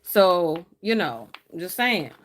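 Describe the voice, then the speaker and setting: A woman's voice: fairly low pitch, very animated, slow pace. A woman, chatting casually with her live chat as she decorates her planner, teasing viewers and laughing often.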